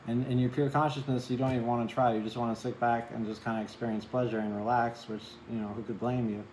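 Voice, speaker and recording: Man, tarot reader, casual and chatty, mid-pitched voice, roomy sound. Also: little pitch movement, fast, a little mellow, a little hiss or hum. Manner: chatty, keeps asking "right?", curses and apologizes. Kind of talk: casual tarot reading to camera.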